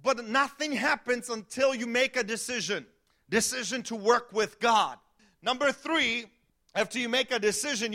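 A male pastor preaching a sermon in a lively, animated way, acting out quotes and sometimes shouting for emphasis. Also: very high voice.

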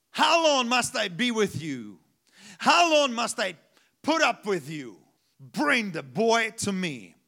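A man's voice: high voice, pushed and bright. A man in his thirties preaching a sermon in a conversational way, asking the congregation rhetorical questions. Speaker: pastor.

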